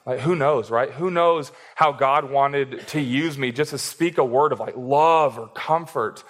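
A man's voice: medium pitch, a little slow, few pauses. A young man preaching a sermon in a casual, joking way, laughing as he reads and explains scripture. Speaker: pastor.

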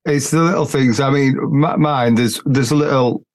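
A man's voice: medium pitch, moderate pace. A man hosting a casual podcast, talking bluntly and rambling in colloquial speech. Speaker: podcast host.

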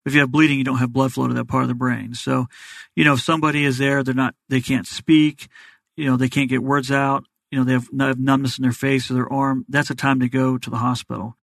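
Fast-talking gravelly man explaining. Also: mid-range voice, little pitch movement, fairly bright tone, dry recording. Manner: fast, plain-spoken explainer. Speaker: doctor guest. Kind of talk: explanatory interview answers.

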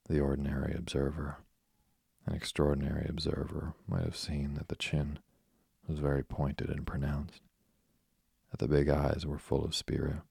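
A man reading a novel aloud as a measured audiobook narrator. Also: a bass voice, creaky, mellow, breathy edge, dry recording, clean studio sound.

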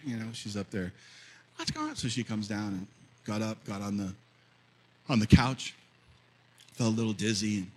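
A man in his fifties preaching a sermon as pastor, telling a story and then rising to loud, fervent preaching. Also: fairly low pitch, fairly even intonation, moderate pace, long pauses, breathy edge, low-quality recording. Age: 50s.

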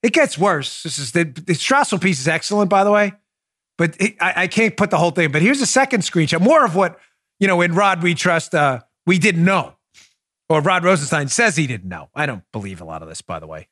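A man's voice: on the high side, fairly quick, dry recording, studio quality. A man hosting a political talk show, mocking his targets with sarcasm and acted-out scenes. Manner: sarcastic, animated, acts out scenes.

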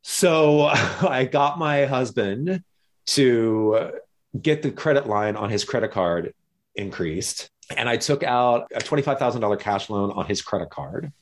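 A man's voice: medium pitch, animated, unhurried. A man from Missouri, a guest in an interview, telling his story in a conversational way and acting out other people's lines in quoted voices. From Missouri, USA.

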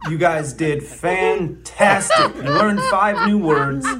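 A man's voice: high-pitched, takes it slowly, very noisy. A man narrating a joking mock language lesson in a played-back video, laughing at his own jokes.

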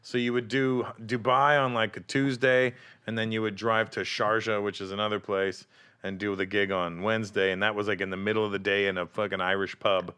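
A man's voice: on the low side, level tone, brisk, bright, forceful tone, smooth. A male comedian telling road stories in a casual podcast chat, swearing and acting out the people in them. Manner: swearing storyteller, acts out voices.

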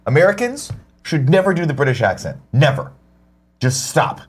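Male co-host, mid pitch, loose jokey delivery, reads tips out casually. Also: very animated, moderate pace, breathy edge. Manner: joking, profane banter, reads viewer tips aloud. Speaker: morning show co-host. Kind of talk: casual chat.

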